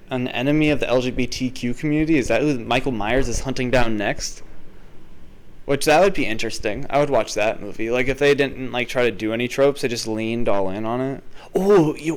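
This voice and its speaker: A young man hosting a podcast, ranting profanely in a comedic way, with loud swearing outbursts that drop into muttered asides. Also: fairly high pitch, rough recording. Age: young adult. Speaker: podcast host.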